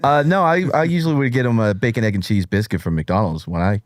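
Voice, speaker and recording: A man's voice: lowish voice, fast, no echo, studio quality. A man co-hosting a casual political show, joking and self-mocking and easily distracted. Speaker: podcast co-host.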